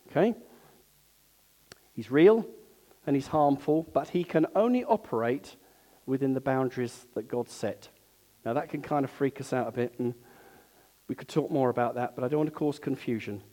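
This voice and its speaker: Earnest preacher, mellow voice. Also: male voice, mid-range voice. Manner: earnest, conversational preaching with asides to the congregation. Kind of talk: sermon.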